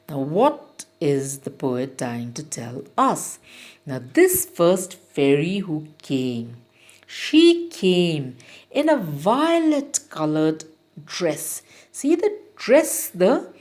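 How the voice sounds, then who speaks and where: A woman teacher reads a children's rhyme aloud and then talks it through, line by line. She speaks very slowly and with a lively, sing-song rise and fall, pausing to explain each word for little pupils. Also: lowish voice. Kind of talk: reciting and explaining a children's poem.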